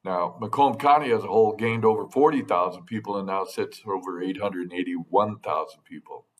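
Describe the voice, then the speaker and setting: A middle-aged man, a state legislator, delivering a prepared update to his constituents in a measured, dry manner with touches of sarcasm. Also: fairly low pitch. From United States.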